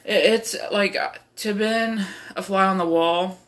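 A woman's voice: medium pitch, a little slow, a bit bright. A young woman host telling a rambling, profane personal story, with lots of fillers. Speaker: podcast host. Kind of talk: casual storytelling.

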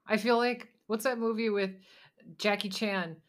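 A woman's voice: mid-range voice, fairly even intonation, a little slow. A woman hosting a podcast in casual chat, dry and amused, laughing easily. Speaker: podcast host.

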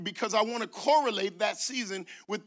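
Bright, high-voiced man preaching a sermon. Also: a little fast, no room sound. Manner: animated, shouts scripture lines, laughing asides to the congregation. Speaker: guest preacher. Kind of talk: sermon with call-and-response. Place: church stage. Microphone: microphone.

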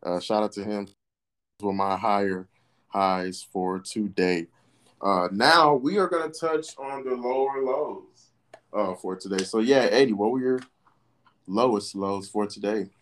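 A young man co-hosting a casual sports podcast, relaxed and agreeable as he recaps the games and chuckles along with his partner. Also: on the low side, a little slow. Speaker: podcast co-host.

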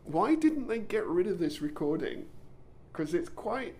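A man hosts a podcast in casual storytelling mode. His voice sits a bit high, and he is eager and animated. He restarts and stumbles often as the ideas run ahead of him. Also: unhurried. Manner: enthusiastic, with frequent restarts and stumbles. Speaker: podcast host.

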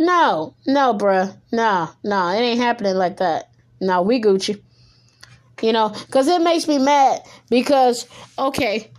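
A young woman hosting her own podcast, ranting casually and emphatically in slangy talk, repeating herself often. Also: a little high. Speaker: podcast host. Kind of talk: casual solo podcast rant.

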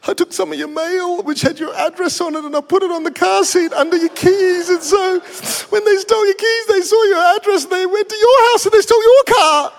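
A man voicing a tearful, apologetic female assistant who wails out her bad news in a high, crying voice. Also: a little fast, gravelly, hardly any pauses. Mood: wailing. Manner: high, wailing and sobbing. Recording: echoey hall.

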